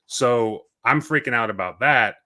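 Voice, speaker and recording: A man's voice: mid-range voice, unhurried, bright, forceful tone. A man co-hosting a gaming podcast, telling rambling stories in casual chat and correcting himself as he goes. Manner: rambling, self-correcting storyteller. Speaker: podcast co-host.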